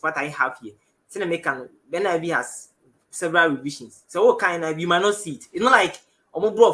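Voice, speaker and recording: A man's voice: fairly high pitch, pushed and bright. A man with a Ghanaian English accent teaching the Bible on television in a studio, reading verses aloud and often stopping to correct himself. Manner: halting, self-correcting, reads verses aloud.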